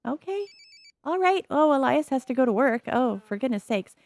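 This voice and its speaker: A woman's voice: high voice, expressive, normal speed, darkish tone. Chatty woman narrating her game. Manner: chatty, amused, narrates the characters' thoughts. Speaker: gaming video host. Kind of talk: casual gameplay commentary.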